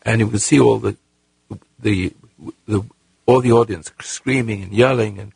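Raspy, gravelly man hosting call-in radio. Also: fairly low pitch, steady tone, a little mellow, no room sound. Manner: halting, repeats words, earnest. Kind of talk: call-in advice talk.

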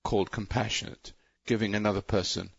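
Radio call-in host, male, low gravelly husky voice, rambling sermon-like monologue on a muffled broadcast. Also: little pitch movement, brisk, no room sound. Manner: rambling, self-interrupting, preachy.

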